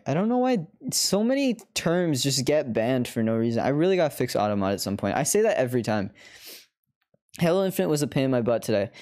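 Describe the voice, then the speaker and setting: A woman's voice: very deep voice, warm tone. A woman streamer chatting through live gameplay commentary, laughing often and swearing freely.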